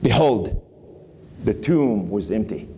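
A man's voice: on the low side, animated, slow, dark tone, in a large hall, a little hiss or hum. A man with a New York accent preaching an emphatic sermon in a church, quoting scripture.

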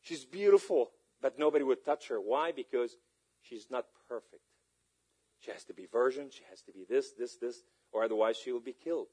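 A man preaching a sermon and telling a story with passion, at times shouting. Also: medium pitch, expressive, moderate pace, breathy edge. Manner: impassioned, rising to shouts.

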